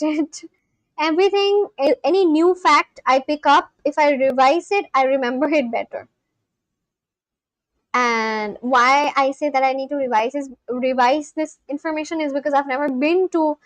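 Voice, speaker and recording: High-voiced chatty woman streamer. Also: no echo. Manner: chatty, laughs often, apologetic self-corrections. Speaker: livestream host. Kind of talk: casual chat reading live chat aloud.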